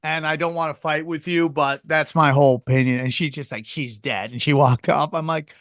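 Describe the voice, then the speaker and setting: A man hosting a podcast in casual chat, telling stories with lively voiced quotes. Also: fairly high pitch, a little fast, no echo, studio quality. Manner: animated storytelling, acts out quoted people. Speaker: podcast host and comedian.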